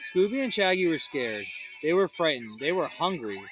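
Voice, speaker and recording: A man narrating a children's storybook in an expressive, animated read-aloud style. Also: on the high side, normal speed, music in the background, low-quality recording. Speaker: storybook reader.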